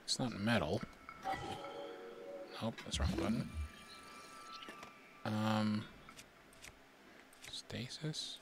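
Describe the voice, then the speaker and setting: A man plays a video game and talks to himself in a lowish, easygoing voice. He mutters as he works out each puzzle, then jumps up in excitement now and then. A faint hiss sits under his desk-mic recording. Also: very slow, gravelly, pauses often. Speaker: gaming streamer. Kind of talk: casual let's-play commentary.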